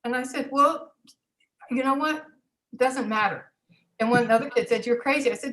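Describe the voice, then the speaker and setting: A woman in her sixties, an interview guest and former teacher, telling personal stories and acting out dialogue with animated quotes. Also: fairly high pitch, moderate pace, pauses often, poor audio. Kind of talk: personal storytelling.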